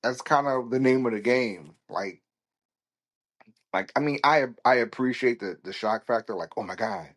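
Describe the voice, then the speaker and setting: A man's voice: mid-range voice, moderate pace. A man hosting a solo podcast, talking casually in a rambling, blunt and foul-mouthed way. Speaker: podcast host.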